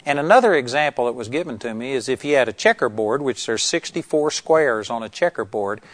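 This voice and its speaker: A man's voice: medium pitch, expressive, a little fast, dry recording. A man preaching a sermon on discipleship, earnest and emphatic, building to exclamations.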